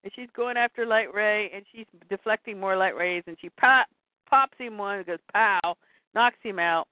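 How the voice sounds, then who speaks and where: A woman co-hosting, retelling a comic in a lively, laughing storytelling way, heard over a tinny phone-like line. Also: medium pitch, normal speed, no echo.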